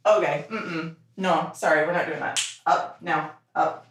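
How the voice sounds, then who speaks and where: A woman's voice: low-pitched, unhurried, a bit bright. A young woman hosting a stream from home, chatting casually and giving playful, coaxing commands to her dog. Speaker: livestream host. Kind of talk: casual chat while training a dog.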